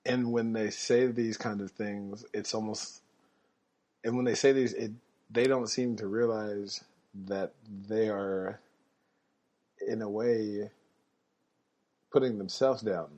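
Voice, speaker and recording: A man hosting a podcast, telling personal stories in a casual, animated way and chuckling as he goes. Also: slow pace, pauses often. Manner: animated, chuckling, jumps up in pitch when quoting people. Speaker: podcast host. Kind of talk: casual storytelling monologue. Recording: slightly muffled lo-fi podcast audio.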